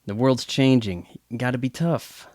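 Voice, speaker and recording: A man's voice: mid-range voice, moderate pace, a little mellow, dry recording, studio quality, natural voice. A man voicing a boastful, cocky young male banker in an over-the-top mock delivery. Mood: smug.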